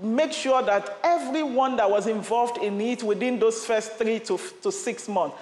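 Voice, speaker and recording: A woman's voice: on the high side, unhurried, darkish tone. A woman campaign advocate answering in a news interview, earnest, often restarting her sentences and repeating phrases for emphasis. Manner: earnest, stammering restarts, rhetorical repetition. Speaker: campaign advocate, studio guest. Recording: echoey, reverberant room sound.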